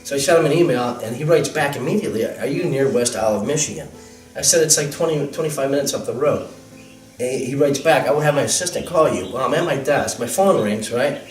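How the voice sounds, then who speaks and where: Male guest recounting an anecdote in a lively way, room-miked from a distance with faint music. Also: mid-range voice, fast talker. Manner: animated, laughing, quotes voices. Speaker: guest telling his story. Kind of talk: casual storytelling. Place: temple hall. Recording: roomy sound from a distance, music.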